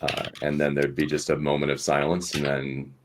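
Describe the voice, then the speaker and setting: Very deep-voiced man, hesitant game player. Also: completely flat delivery, normal speed. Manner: hesitant, full of fillers. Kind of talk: casual tabletop role-play.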